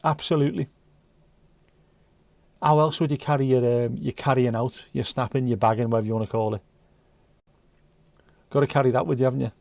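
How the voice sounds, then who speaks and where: A man's voice: mid-range voice, steady tone, a little fast, creaky, pauses often, darkish tone, dry recording. Joking man hosting a livestream. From North West England. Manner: joking, banter with chat. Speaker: livestream host. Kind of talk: casual livestream chat reading comments.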